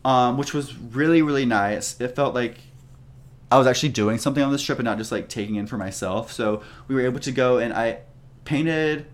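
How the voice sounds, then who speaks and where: A man's voice: medium pitch, brisk. A young man co-hosting a podcast, casually telling a travel story in a rambling way full of "like" and restarts. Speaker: podcast co-host.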